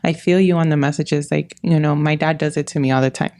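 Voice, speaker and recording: A woman's voice: low-pitched, steady tone, fast talker, mellow. A woman hosting an interview, talking in a supportive, reflective and casual way. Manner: supportive, reflective, many "like" fillers. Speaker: podcast host.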